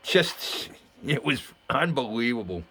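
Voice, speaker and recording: Chatty excited man telling a story. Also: medium pitch, unhurried, husky. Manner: chatty, excitable, lots of fillers and restarts. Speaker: model building channel host. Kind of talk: casual vlog storytelling.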